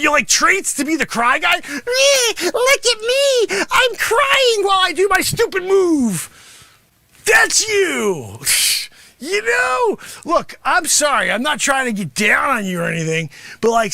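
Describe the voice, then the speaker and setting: A man playing a brash, greedy karate sensei who shouts, hard-sells and scolds his class in an improvised comedy bit. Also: extremely high pitch, vocal fry, no room sound, heavily acted. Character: brash loud-mouthed male karate sensei, greedy and bossy. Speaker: host. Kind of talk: improvised comic character monologue.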